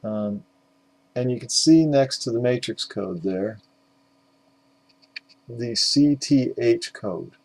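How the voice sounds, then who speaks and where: A middle-aged host of a record collecting video, exhausted and up all night until five in the morning, wanders through his record pile in casual vinyl chat. His middle-pitched voice is a little mellow, and he takes it slowly with long pauses, trailing off into "uh" fillers and self-deprecating mutters.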